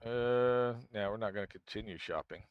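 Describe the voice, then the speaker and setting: A man's voice: on the low side, normal speed, smooth, no echo, dull audio. Rambling male game streamer, dry sound. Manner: rambling, thinks aloud, answers chat; frequent self-restarts. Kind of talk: casual live-stream chat.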